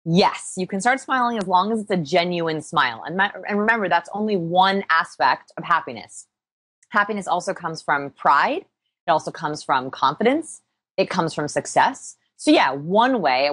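A woman interviewed as an expert, explaining energetically with quick examples. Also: lowish voice, animated, a bit bright, breathy edge. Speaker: interview guest, body language expert. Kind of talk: podcast interview.

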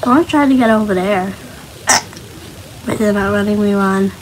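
A young woman with a mid-range voice talks at normal speed over some background noise. She hosts a gaming channel and chats nervously to herself during casual Minecraft play, getting scared easily.

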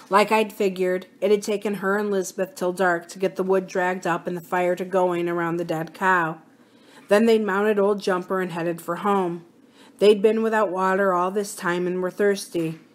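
Woman reading a storybook aloud. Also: on the low side. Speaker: library story reader.

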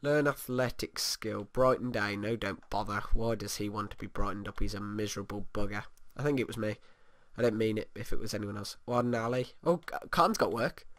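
A man's voice: fairly low pitch, a little fast, hardly any pauses, no echo, studio quality. A man giving casual let's play commentary, rambling and humming to himself as he plays. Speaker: gamer.

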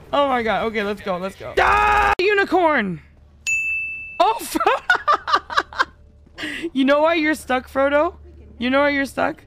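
A woman's voice: high voice, lively intonation, normal speed, pauses often, over music. A woman streaming a co-op game, chatting casually and teasing her teammates with lots of giggles. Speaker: VTuber streamer. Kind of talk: casual gaming stream chat.

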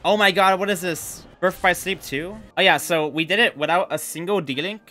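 A young man giving excited live commentary while playing a video game, swearing, yelling and laughing at the fight. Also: high-pitched, moderate pace. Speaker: gaming streamer.

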